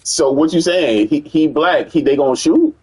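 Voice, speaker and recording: A man giving casual, profane gaming commentary on stream, with animated, incredulous outbursts. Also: a little high, normal speed, slightly rough, dry recording, poor audio.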